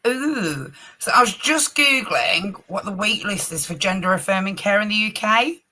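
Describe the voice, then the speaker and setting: A woman co-hosting a casual livestream chat, speaking softly and quietly. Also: medium pitch, animated, normal speed. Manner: soft-spoken, quiet. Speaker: co-host.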